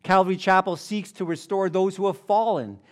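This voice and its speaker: A man's voice: high voice, normal speed. A man preaching a sermon as pastor, reading scripture, telling jokes and repeating key phrases for emphasis.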